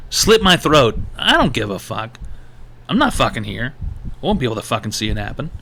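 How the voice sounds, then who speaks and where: A man hosting a live-streamed advice show, ranting in a loose, profane and animated way. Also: mid-range voice, a little fast, slight background noise. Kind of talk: live-stream call-in talk.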